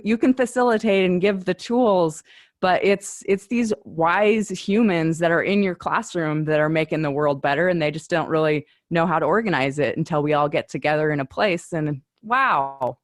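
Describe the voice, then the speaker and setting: Reflective woman guest with a low voice. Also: moderate pace, dry recording, clean studio sound. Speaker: guest, adult educator. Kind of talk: casual interview.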